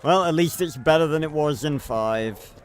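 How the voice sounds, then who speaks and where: A man's voice: fairly high pitch, normal speed, a little hiss or hum. A man streaming a video game, giving casual, rambling commentary, thinking aloud and swearing freely.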